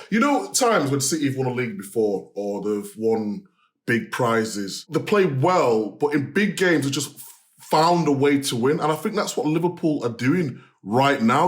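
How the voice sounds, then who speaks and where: A man, co-hosting a football podcast and telling stories in a lively, laughing way. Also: mid-range voice, roomy sound. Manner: lively, laughing, animated storyteller. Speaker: podcast co-host. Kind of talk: casual football podcast chat.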